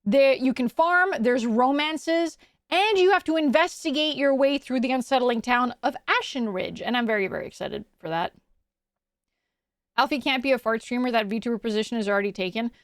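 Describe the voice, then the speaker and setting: A chatty woman hosting a casual live stream, with a high voice and a bubbly, upbeat way of answering her viewers. The sound is dry and close, with no room echo. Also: lively intonation, normal speed. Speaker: VTuber streamer.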